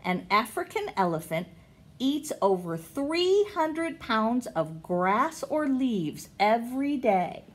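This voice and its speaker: A middle-aged woman teacher, reading picture books aloud to young children in a slow, sing-song way. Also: big pitch swings. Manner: slow, sing-song, with big pitch swings on questions.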